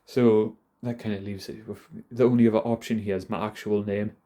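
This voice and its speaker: A man's voice: on the low side, level tone, fairly quick, dark tone. A man in his thirties with a Geordie accent, rambling casually and self-deprecatingly to camera, swearing a lot. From North East England. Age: 30s. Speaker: vlogger.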